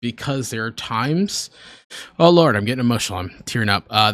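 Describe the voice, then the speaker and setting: Reacting to videos on a stream, a young American man of around twenty-something speaks a little fast in an animated, mid-range, slightly bright voice. His talk is casual and earnest, sometimes rambling and occasionally emotional.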